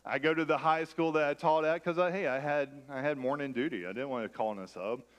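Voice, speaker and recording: A man's voice: a little high, fast. A man preaching a sermon in a church, conversational and self-deprecating as he mixes personal stories with scripture. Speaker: pastor.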